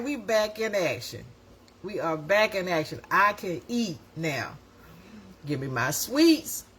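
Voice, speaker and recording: A woman, hosting and telling a story in a casual, animated way, often laughing and acting out voices. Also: fairly low pitch, a little hiss or hum. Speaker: host.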